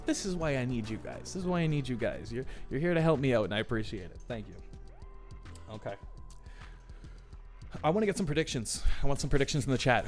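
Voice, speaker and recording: A man hosting a livestream, chatty and excitable, often repeating his phrases as he reads the chat. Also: mid-range voice. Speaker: livestream host running a tournament draw. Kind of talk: live-stream commentary reading chat.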